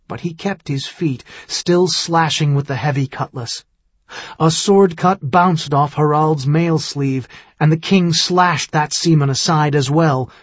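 A man narrating an audiobook in a measured, dramatic storytelling manner. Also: fairly high pitch, dry recording, lo-fi sound.

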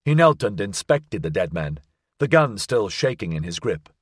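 A man narrating an audiobook thriller in an expressive, suspenseful reading. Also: fairly low pitch, moderate pace, husky, no echo, studio quality. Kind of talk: scripted narration.

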